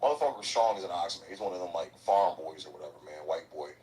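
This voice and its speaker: A man with a low, deep voice spins crude, slang-heavy anecdotes about boot camp, swearing freely as he rambles. He sits a little back from the microphone, so he sounds slightly distant. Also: fast talker, darkish tone. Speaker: guest, military veteran. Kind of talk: casual profane storytelling.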